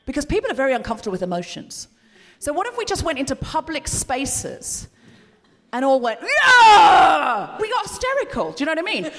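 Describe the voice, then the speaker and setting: High, lively woman hosting live comedy. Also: quick pace. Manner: animated, playful, shouting to lead the crowd. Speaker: podcast host. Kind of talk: live comedy podcast, stand-up. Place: live venue, former courtroom. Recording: echoing hall, noisy live crowd.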